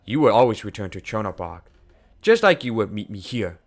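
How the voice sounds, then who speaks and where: A man reading a game aloud, voicing an older male scientist mentor who speaks in a quiet, measured, sorrowful way. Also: lowish voice, very animated. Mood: somber.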